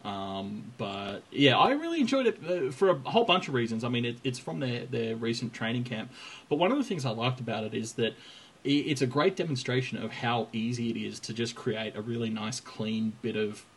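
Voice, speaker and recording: Laughing, animated male podcast host. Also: medium pitch, brisk, breathy edge, poor audio. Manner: laughing, animated storyteller who acts out quotes. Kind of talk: casual chat.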